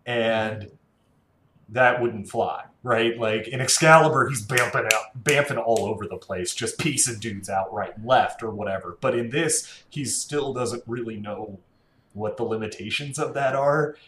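A man's voice: medium pitch, a little slow. A man co-hosting a podcast, chatting casually and enthusiastically about comics in an easygoing way. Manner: easygoing, relaxed fillers, enthusiastic. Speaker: podcast co-host. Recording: echoey room with faint noise.

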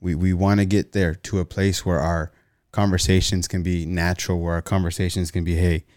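A man with a low voice preaches on marriage in a dry, close recording. He tells a story with growing energy and often repeats his words as he goes. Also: brisk, clear, resonant tone, dry recording. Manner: repeats words, storytelling, rising animated in anecdotes. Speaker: pastor. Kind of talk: sermon on marriage.

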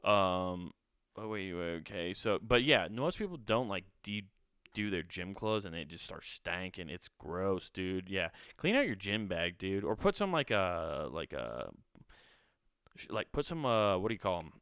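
A man's voice: low voice, big pitch swings, a little slow, a bit bright, clean tone, no echo, clean studio sound. A man hosting a solo podcast, chatting casually with lots of swearing and filler words. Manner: rambling, profane, lots of fillers. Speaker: podcast host.

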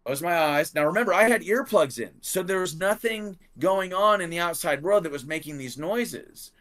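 Man, casual storytelling, high voice, bright tone, animated quotes, frequent "like". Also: normal speed. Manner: animated, acts out quotes in raised voice; swears freely, says "like" often. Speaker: podcast guest.

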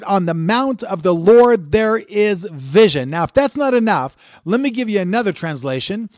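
This Bible teacher's voice sits high, captured in studio quality without echo. Preaching emphatically, he reads scripture aloud, repeats key words for emphasis, and frequently says "uh" and starts over.

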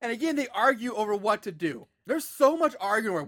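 A man's voice: high-pitched, very animated, a little fast, fairly bright tone, no echo. A man co-hosting a podcast, recapping a movie plot with sarcastic asides. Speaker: podcast co-host.

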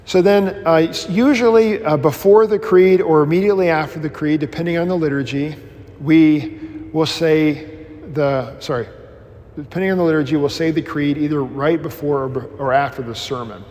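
Rambling pastor, lightly high voice, hall echo. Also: male voice, normal speed. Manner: rambling, animated storytelling with many restarts; self-deprecating humor. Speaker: pastor teaching a new member class. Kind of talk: informal Bible class teaching.

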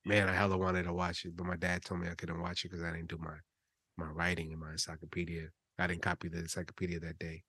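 A man recalling childhood stories in a relaxed, profane podcast chat. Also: sits low, fast, slightly rough, no echo. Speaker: podcast co-host. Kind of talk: casual chat.

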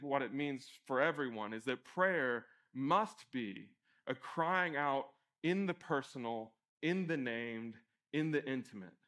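A young man preaching a sermon in a conversational, self-deprecating way, acting out calls and shouts with lively energy. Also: mid-range voice. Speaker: pastor.

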